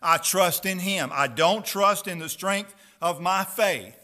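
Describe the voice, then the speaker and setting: This sermon comes from a man whose voice sits high with a sharp edge. He reads scriptural text with slow, earnest emphasis and asks his audience direct questions.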